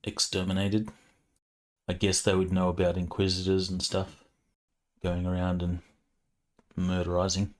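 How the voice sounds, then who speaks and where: A man narrating as game master of a tabletop role-playing game, relaxed, with many fillers. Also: low voice, a little slow, long pauses.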